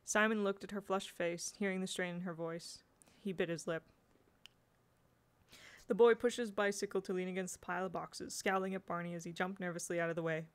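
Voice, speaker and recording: A woman's voice: fairly low pitch, fairly even intonation, fairly quick. A woman reading a children's novel aloud as an amateur narrator, with occasional slips and restarts. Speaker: audiobook reader. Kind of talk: storybook narration.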